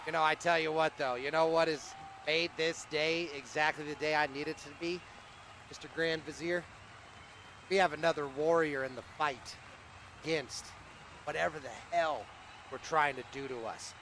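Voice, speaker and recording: A man hosting a comedic mock press conference who talks in an excitable, rallying announcer style. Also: on the high side, moderate pace, a little hiss or hum. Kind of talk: comedic live-stream emcee.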